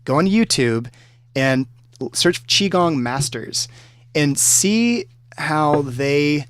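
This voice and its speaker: A man's voice: fairly high pitch, expressive, slow pace, fairly bright tone, clear, resonant tone, dry recording. A man who is a musician, talking as a podcast guest in casual chat, explaining things at length with rambling enthusiasm.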